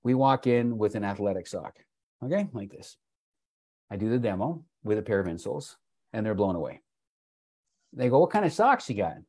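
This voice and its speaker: A fairly low, mellow-voiced man presenting wellness products speaks at a moderate pace on a video call, leaving long pauses. He spins a folksy sales story, often addressing listeners as "folks" and acting out the people in it.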